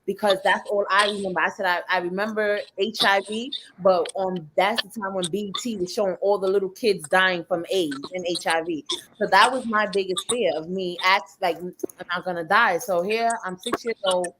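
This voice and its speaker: A woman in her thirties, a guest, telling a personal story in an animated way, acting out her younger self. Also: mid-range voice, normal speed, noisy background. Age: 30s.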